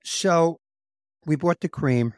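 A man hosting a podcast, his voice sitting fairly high for a man. He tells wry, self-deprecating stories and slips into the voices of the people he describes. The sound is dry and close, with no room echo. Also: slow pace, darkish tone. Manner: wry, self-deprecating, acts out what others said. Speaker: podcast host. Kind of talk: comedic conversational storytelling.

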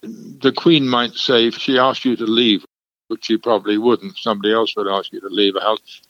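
An older man, a language expert, explains language history during a radio interview in a discursive, lecturing way with small chuckles. His voice is mid-range and a bit bright, at a moderate pace, and the recording is muffled with no echo.

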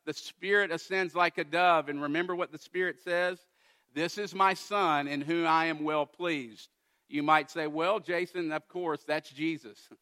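Bright-voiced male preacher. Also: fairly high pitch. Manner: earnest, builds to emphatic exhortation. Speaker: pastor. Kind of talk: sermon.

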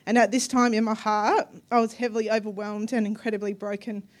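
A woman in her thirties preaching a personal testimony sermon, earnest and emotional, with soft hesitations. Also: mid-range voice, level tone, brisk. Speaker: guest preacher.

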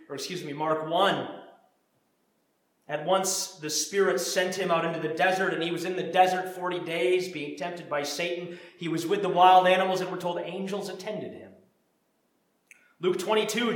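A man preaching a sermon as pastor, earnest and repeating words when he stresses a point. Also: sits high. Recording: very echoey room.

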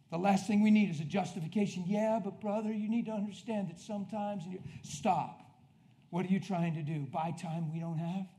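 High-pitched passionate male preacher. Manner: intense, shouting bursts then quiet confiding asides. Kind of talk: passionate sermon. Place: church.

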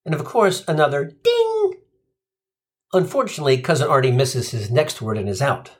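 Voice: mid-range voice, sing-song, moderate pace. A comedian telling a profane, sardonic stand-up story. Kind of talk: stand-up routine.

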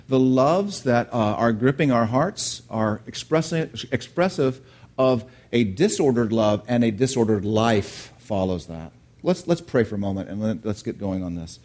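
A middle-aged male pastor preaching in an animated storytelling way. He turns to the congregation with questions and keeps the talk conversational, at an ordinary pitch for a man. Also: a little slow. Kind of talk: sermon with personal story.

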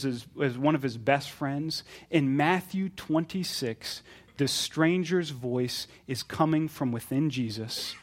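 A middle-aged pastor preaching a sermon in an earnest manner that builds to fervent emphasis. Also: male voice, fairly high pitch.

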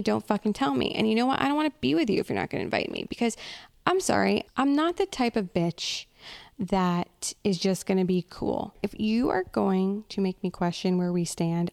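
A woman's voice: mid-range voice, creaky, darkish tone. A young woman hosting a podcast, ranting in a blunt, profane, oversharing comic monologue. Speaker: podcast host. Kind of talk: comedic solo rant.

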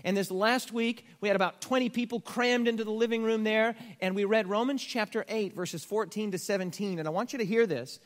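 A male pastor, delivering a sermon in a fairly high voice. He leans hard into key words and drops in wry, conversational jokes. The sound carries a long reverb from the church hall. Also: a little fast, hardly any pauses. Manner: emphatic, rising to stress key words; conversational asides with humor.

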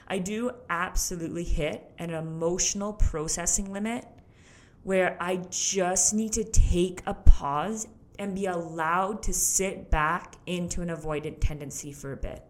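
A young woman hosting a solo podcast, talking candidly and directly to the listener and laughing often. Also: medium pitch. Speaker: podcast host. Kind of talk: casual solo podcast talk.

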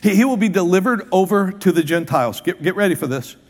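A man's voice: high-pitched, expressive, fast, in a large hall. A man, the lead pastor, preaching a sermon in an emphatic way, often repeating words and restarting.

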